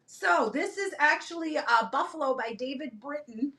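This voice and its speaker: High-voiced chatty woman selling live. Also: moderate pace. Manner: animated, rambling storyteller who talks to viewers by name. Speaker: live-stream reseller host.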